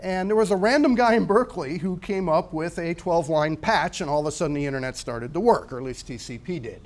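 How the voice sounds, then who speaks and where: A man in his sixties, speaking at a talk in a fairly high voice. He tells anecdotes loosely and conversationally, with plenty of ums and uhs. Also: quick pace, darkish tone. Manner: anecdotal, conversational with frequent fillers. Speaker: guest speaker. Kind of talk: storytelling talk.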